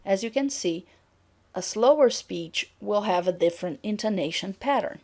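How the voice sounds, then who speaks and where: A middle-aged woman giving a recorded lecture on intonation, speaking clearly and acting out example sentences. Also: mid-range voice, expressive, moderate pace, darkish tone.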